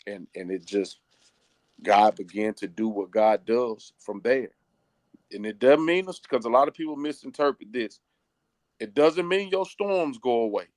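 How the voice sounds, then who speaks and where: A middle-aged man, a pastor, telling a personal story in an interview, earnest and slowing down at the key moments. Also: medium pitch, no echo, studio quality.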